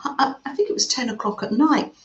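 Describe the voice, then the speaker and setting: A woman gently chatting with her livestream viewers and reading their comments aloud, with soft murmurs and coos. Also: high-pitched, quick pace. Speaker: craft livestream host. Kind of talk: casual chat reading live comments. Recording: slightly dull sound in an echoey room.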